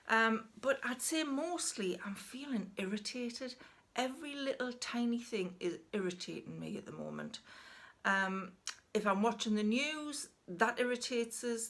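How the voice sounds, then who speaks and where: A woman's voice: medium pitch, a bit bright. A Geordie woman in her sixties, chatting casually and frankly to camera in a rambling, self-deprecating way. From North East England. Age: 60s. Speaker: vlogger.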